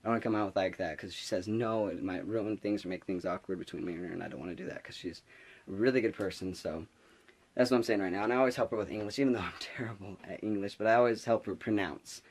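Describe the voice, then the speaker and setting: A young man with a slightly low voice tells a story to camera in a loose, casual way. He rambles, restarts his sentences and leans on filler words, now and then dropping to a whisper for an aside. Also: quick pace. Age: young adult. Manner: drops to a whisper for quoted asides. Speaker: vlogger.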